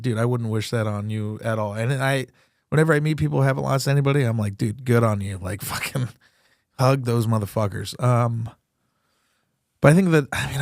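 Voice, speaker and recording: A man's voice: mid-range voice, darkish tone, dry recording, studio quality. A young man, a comedian and podcast host, talking candidly and profanely about grief, rambling and laughing through it. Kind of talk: candid casual talk.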